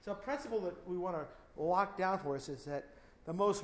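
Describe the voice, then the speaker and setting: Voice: medium pitch, brisk, echoey room, rough recording. A Bible teacher preaching a verse-by-verse sermon, emphatic and full of rhetorical questions.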